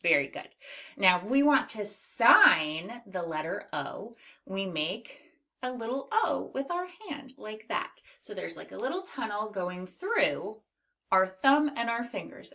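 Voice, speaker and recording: A woman teaching a children's phonics lesson, slowly stretching out and modeling each sound. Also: medium pitch, very animated, bright, forceful tone. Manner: slow, exaggerated sound modeling.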